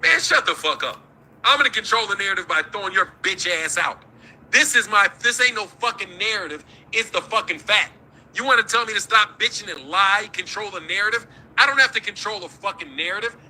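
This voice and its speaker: Casting: middle-aged man, very bright husky voice, heated and profane. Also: high-pitched, expressive, fairly quick, low-quality recording. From United States. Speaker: boxing talk show host. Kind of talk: livestream rant.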